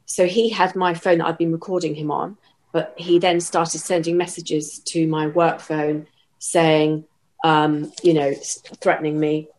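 Low-voiced woman recounting an ordeal. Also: level tone, a little mellow. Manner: measured, halting retelling with restarts. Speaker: interviewee. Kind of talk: personal account in an interview.

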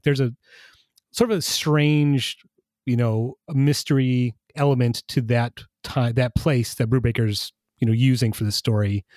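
A male podcast co-host who talks at length in a relaxed, enthusiastic way, with a few ums along the way. His pitch is mid-range, and the sound is dry and close to the mic. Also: no echo. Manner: enthusiastic, steady explainer with fillers. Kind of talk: casual chat, reviewing comics.

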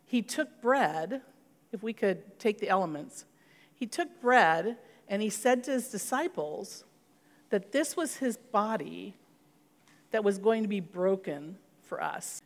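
A middle-aged woman pastor speaks at a mid-range pitch in an earnest, personal way. She shares stories and slips into prayer. Her voice rings with the long reverb of a church hall. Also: lively intonation, slow. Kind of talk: sermon.

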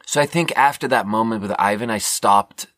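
Low-voiced man telling a rambling story. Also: a bit bright, no room sound, studio quality. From Sweden. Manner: rambling, self-deprecating, halting with fillers. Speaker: podcast host. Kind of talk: casual storytelling monologue.

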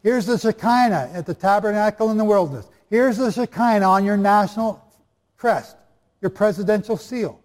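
A man's voice: sits high, normal speed, darkish tone. A man preaching and teaching the Bible to a live audience, chatty and jokey, often quizzing the listeners. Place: hall before a live audience. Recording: long reverb of a large hall.

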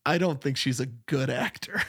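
A man's voice: mid-range voice, moderate pace, a bit bright, husky. A man co-hosting a podcast, chatting casually about a movie and laughing often. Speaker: podcast co-host. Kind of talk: casual movie-review chat.

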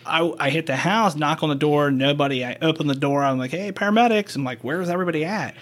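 A paramedic chats frankly on a casual podcast, swearing and acting out quoted dialogue as he tells his stories. His voice is fairly high, fast, and a bit bright.

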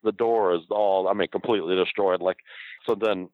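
A man's voice: deep voice, fairly even intonation, moderate pace, no echo, narrow, tinny audio. A man, a former wrestler, telling a story in casual talk, laughing often and swearing freely. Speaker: former pro wrestler, guest.

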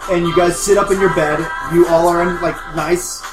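A man's voice: high voice, fairly even intonation, moderate pace, roomy sound, over music, rough recording. A man narrating as game master in loose, chatty storytelling full of fillers.

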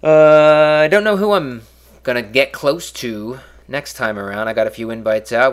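A man's voice: mid-range voice, normal speed. A man hosting a podcast, signing off in an offhand, drifting, self-mocking way. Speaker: podcast host. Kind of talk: casual podcast sign-off.

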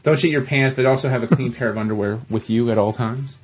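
A man co-hosting a podcast in casual chat, excitable and prone to stammering restarts. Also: mid-range voice, fast talker, breathy edge, lo-fi sound. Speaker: podcast co-host.

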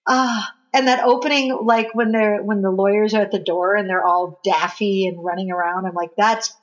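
A woman co-hosting a casual film podcast, gushing and animated, acting out lines as she talks. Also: mid-range voice, moderate pace. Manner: gushing, animated, acts out quotes. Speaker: podcast co-host. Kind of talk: casual film discussion chat. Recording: dull lo-fi sound.

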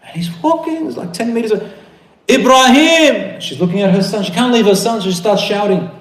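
Guy preaching a story, animated, pitch kinda high, echoey room. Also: fast talker. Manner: animated storytelling with rising emphasis. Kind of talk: sermon storytelling.

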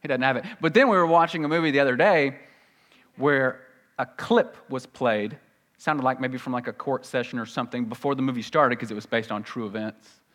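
A man preaching a sermon with a Southern US accent. He talks earnestly and conversationally, and his pitch jumps up when he acts out quoted voices. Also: brisk, a bit bright. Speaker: pastor.

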